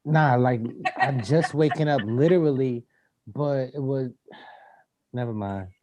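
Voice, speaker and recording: A man's voice: medium pitch, unhurried, mellow, a little hiss or hum. A man co-hosting a casual chat, laughing often and acting out phone calls in playful voices. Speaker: co-host.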